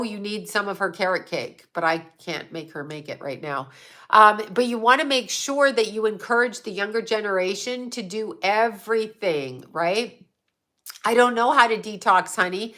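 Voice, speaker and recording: A woman's voice: mid-range voice, fairly bright tone. A woman hosting a casual livestream and answering her chat, talking in a blunt, profane, outspoken way.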